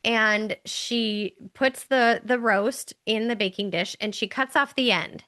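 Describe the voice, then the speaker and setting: A middle-aged woman co-hosts a relaxed podcast, spinning a story in a loose, chatty way. Her voice is bright and sits a little high, and she slips into the voices of the people she quotes. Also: slow. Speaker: podcast co-host, mother. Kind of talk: casual conversational podcast.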